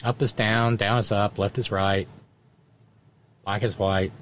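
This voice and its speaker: A man's voice: on the low side, steady tone, a little slow, fairly bright tone, slight background noise. Sardonic rambling male show host. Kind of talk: casual commentary reading chat.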